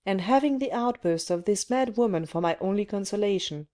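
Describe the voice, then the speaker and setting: A woman's voice: mid-range voice, animated, a little fast, dark tone, close to an everyday voice. Woman reading a brooding, bitter condemned young man. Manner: inward, bitter musing.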